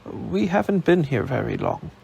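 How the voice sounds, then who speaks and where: A man's voice: fairly high pitch, sing-song, normal speed, vocal fry, darkish tone, slightly rough, lo-fi sound, pitched above the performer's own voice, heavily acted. A man voicing a guarded, polite young nobleman. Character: young male aristocrat in disguise, careful. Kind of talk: audiobook character voice.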